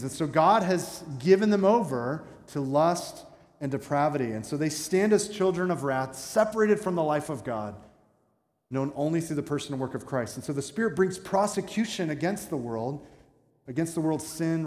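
The pastor's voice is fairly high and a little mellow as he preaches a sermon full of stories and self-deprecating asides, shifting from playful to earnest. It's recorded in an echoey church sanctuary with a long reverb tail.

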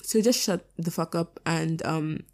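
A woman's voice: deep voice, unhurried, darkish tone. A teenage girl giving blunt, sassy advice in a casual vlog, swearing freely. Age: teens. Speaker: vlogger.

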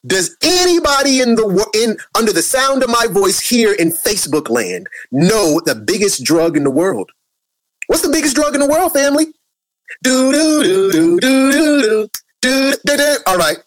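A man's voice: sits high, very animated, normal speed, dry recording. A man ranting on a live social media video, preachy and rambling, who keeps calling his viewers family.

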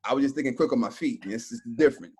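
A man, a teacher and podcast co-host, telling a story in a casual, animated way and acting out each person's lines. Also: mid-range voice, very fast, background noise. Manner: animated storyteller who acts out the dialogue.

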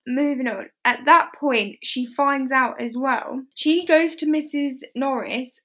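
High-pitched chatty woman with vocal fry. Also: a bit bright. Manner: chatty, laughs easily, acts out lines in quick asides. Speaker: podcast co-host. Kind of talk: casual chat.

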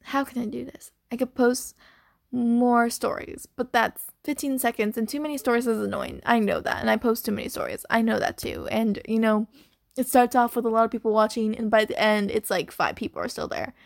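A young adult woman hosts her own unedited podcast, chatting casually in a scatterbrained, apologetic way. Her voice is fairly high with vocal fry and a fairly quick pace, captured as a dry, studio-quality recording.

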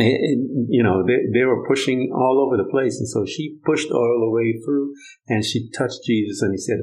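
Casting note: man with a fairly low voice, informal preacher, chatty rant full of "um"s, voices the Bible characters himself. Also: a little mellow, rough recording. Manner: conversational, many fillers, acts out Bible dialogue.

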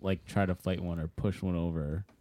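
A man co-hosting a podcast who joins the casual football chat with playful, deadpan boasting. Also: low voice, normal speed, dry recording. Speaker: podcast co-host.

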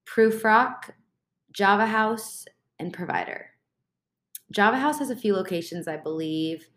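Young woman hosting a solo podcast, stuffed up and a bit tired, casual and rambling. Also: mid-range voice. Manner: rambling, chatty, with fillers and self-corrections. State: congested, tired. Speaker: podcast host.

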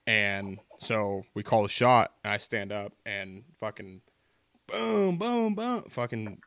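A man with a fairly low voice hosts a podcast in easygoing, casual chat. He swears casually and tells stories in a loose, relaxed way. The sound is dry and close to the mic. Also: unhurried, no echo. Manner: laid-back, profane, laughs along. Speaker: podcast host.

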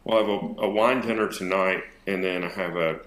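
Deep low voice guy from north texas, loose rambly podcast chat, roomy echo. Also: moderate pace, background noise. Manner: relaxed, rambling, hesitant with fillers. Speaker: podcast co-host. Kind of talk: casual chat. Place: home, remote call.

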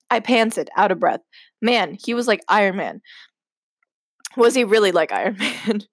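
A woman's voice: mid-range voice, very animated, measured pace, slightly rough, dry recording, studio quality. A woman hosting a podcast, reading her old story aloud and breaking in with giggly, self-mocking asides. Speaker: podcast host.

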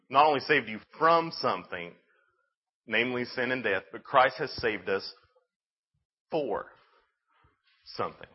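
Husky man preaching to teens. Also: mid-range voice, muffled recording. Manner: animated storytelling, casual with many "like"s. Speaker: youth speaker. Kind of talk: youth sermon.

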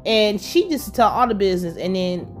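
A woman casually recapping a TV episode, animated and profane, laughing as she tells it. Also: mid-range voice, moderate pace, soft background music. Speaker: show recap vlogger.

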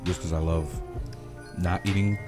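A man's voice: low voice, moderate pace, over music. A man, the chef guest, talking casually and joking about his cooking on a podcast. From Puerto Rican family. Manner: relaxed, joking, talks with mouth full.

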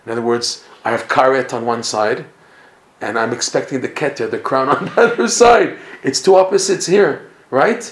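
A man tells a Torah story to a class, his delivery animated and full of Hebrew and Yiddish words. His voice sits in a middling range. The room around him rings with echo. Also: medium pitch, moderate pace. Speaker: Torah teacher. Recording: echoey room.

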